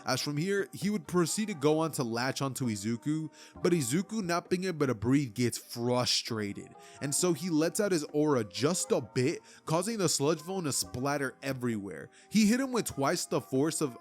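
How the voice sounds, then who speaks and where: A man's voice: medium pitch, expressive, normal speed, soft background music. A man casually narrating a fan what-if story, rambling with lots of fillers.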